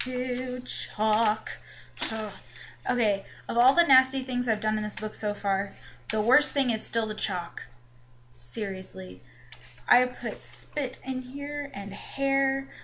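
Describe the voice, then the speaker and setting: A woman's voice: medium pitch, bright, forceful tone. A young woman rambles to her webcam, her accent slipping between New York and the Carolinas. She is chatty and loose, with plenty of ums and restarts. A faint hiss sits under the recording. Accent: mixed New York and Southern US. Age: young adult. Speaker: vlogger. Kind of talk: casual chat. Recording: webcam with faint background noise.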